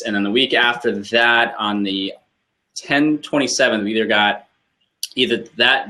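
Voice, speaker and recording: A man co-hosting a casual business chat show, rambling with lots of fillers and pauses. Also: on the low side, sharp tone. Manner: laid-back, rambling with many fillers. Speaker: co-host.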